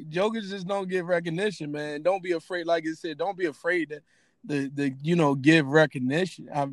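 Higher-voiced dude, laughing and riffing on a podcast, dry close sound. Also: male voice, no room sound. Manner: animated, laughing, mocking impressions. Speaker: podcast co-host. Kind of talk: casual chat.

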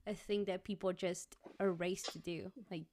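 A woman from Argentina co-hosts a podcast, talking in a relaxed way with many fillers. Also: lowish voice, normal speed. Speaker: podcast co-host. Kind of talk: conversational interview.

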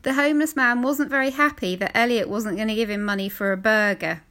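A woman co-hosting a podcast, teasing her co-host in a deadpan way. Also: on the high side, fast talker. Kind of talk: casual banter.

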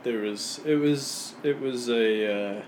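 A man's voice: mid-range voice, slow pace, background noise. A man who plays in a tabletop game, chatting casually with short, laid-back replies. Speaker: player. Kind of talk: casual podcast chat.

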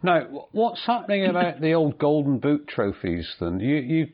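Teasing radio host, muffled. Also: male voice, fairly high pitch, animated, normal speed. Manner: teasing, asks short questions. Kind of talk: casual radio chat. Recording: slightly muffled lo-fi radio recording.

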